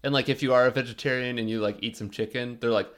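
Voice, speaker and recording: Laid back guy chatting on a podcast, medium voice, teasing, kinda thinking out loud. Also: medium pitch, fairly even intonation, fast talker. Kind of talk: casual chat.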